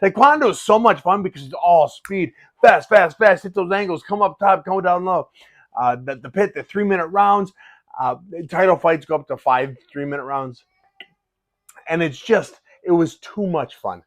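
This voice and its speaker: Excited middle-aged fighter vlogging, dry close sound. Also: male voice, high-pitched, normal speed, no room sound. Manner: excited, animated, restarts often. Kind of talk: casual vlog talk.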